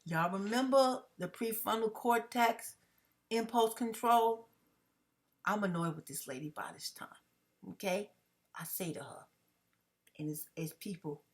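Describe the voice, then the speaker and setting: Tired, emphatic woman vlogger. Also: lowish voice. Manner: fast-talking, emphatic, repeats "okay?" to viewers. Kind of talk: casual monologue to viewers.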